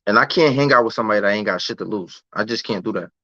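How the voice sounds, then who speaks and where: A man's voice: lowish voice, racing, bright, forceful tone, dry recording. A man, telling a candid story as a podcast guest in streetwise slang. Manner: streetwise slang, often adds "you know what I'm saying". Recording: dull, dry lo-fi recording.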